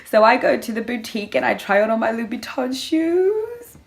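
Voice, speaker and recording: A woman with a slightly high voice gives casual relationship advice to camera. She is animated and sassy, calling her viewers girl and slipping into playful character voices to act out her examples. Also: normal speed, gravelly. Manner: animated, acts out little scenes with playful voices; sassy, addresses listeners as girl. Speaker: vlogger giving relationship advice.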